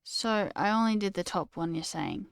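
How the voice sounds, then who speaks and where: A woman's voice: medium pitch, lively intonation, normal speed, creaky, clean tone, no echo. Stream host, a woman learning on air, inquisitive and giggly, dry mic. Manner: curious questions, laughs often. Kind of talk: casual livestream chat.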